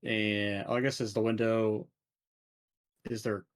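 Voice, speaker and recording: Halting male player, fairly low voice. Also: level tone, clear, resonant tone. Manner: halting, thinking aloud. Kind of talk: tabletop role-play.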